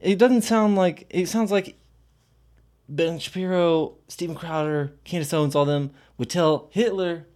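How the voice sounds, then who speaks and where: A man's voice: a little high, a little slow, darkish tone. A man streaming casual commentary while reading aloud, rambling with many fillers and blunt profanity.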